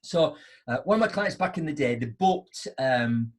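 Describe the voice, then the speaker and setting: A man's voice: fairly high pitch, animated, moderate pace. A middle-aged man telling chatty anecdotes as a motivational speaker on a video call. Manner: chatty, anecdotal, keeps asking "right?". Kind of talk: storytelling on a live online show.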